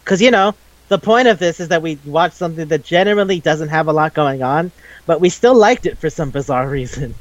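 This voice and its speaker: A man with a fairly high voice, chatting casually as co-host of a podcast. He rambles, gets excited easily and swears freely. The recording sounds dry and a little dull. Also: fairly quick, no echo. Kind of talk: casual chat.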